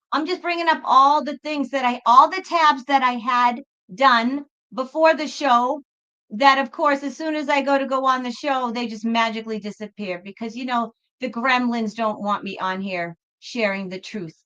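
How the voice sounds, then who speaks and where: A woman's voice: a little high, bright, forceful tone, lo-fi sound. A woman who reads tarot, hosting a live stream and chatting in a rambling way, often breaking off and starting her sentences again. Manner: rambling, chatty, self-interrupting. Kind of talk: casual live-stream chat.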